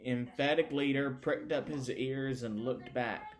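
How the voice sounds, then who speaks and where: A man reading a classic novel aloud as an audiobook narrator, measured and unhurried. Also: medium pitch. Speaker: audiobook reader.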